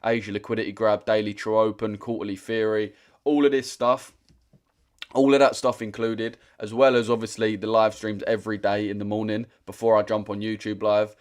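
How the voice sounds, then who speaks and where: Brief: young British male streamer, low-ish pitch, blunt slangy chat, repeats himself. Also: level tone, moderate pace. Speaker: trading livestream host. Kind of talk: casual livestream chat.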